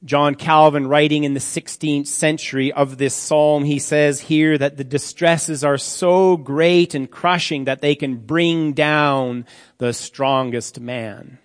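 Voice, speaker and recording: Male preacher, slightly high voice, unhurried and grave, sermon in a reverberant church hall. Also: steady tone. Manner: slow, solemn reading with dramatic drops to near-quiet.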